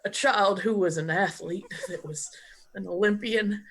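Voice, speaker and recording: A woman's voice: medium pitch, measured pace, a bit bright. A woman voicing a doting, pious middle-aged mother who gushes over her athlete child, in a tabletop role-play. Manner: gushing, pious, sentimental.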